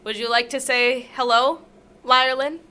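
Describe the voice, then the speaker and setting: Woman hosting a chill comedy podcast, high voice, just asks short playful questions. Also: fairly even intonation, unhurried, sharp tone, clear, resonant tone. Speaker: podcast host. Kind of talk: casual comedy podcast interview.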